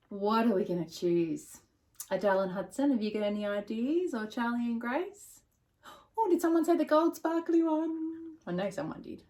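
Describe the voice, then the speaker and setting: A woman reading picture books aloud to children, animated and asking them questions. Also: on the high side, normal speed. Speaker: children's storyteller.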